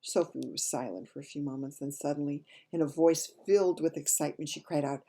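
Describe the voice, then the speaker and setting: A woman reading a children's novel aloud in a gentle storytelling manner. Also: deep voice, steady tone, a little fast, few pauses. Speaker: reader.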